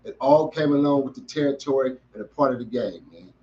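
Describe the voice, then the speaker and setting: A man's voice: mid-range voice, a little fast, warm tone, highs cut off. A middle-aged man hosting a podcast, giving an emphatic motivational talk to young listeners in heavy street slang. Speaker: podcast host.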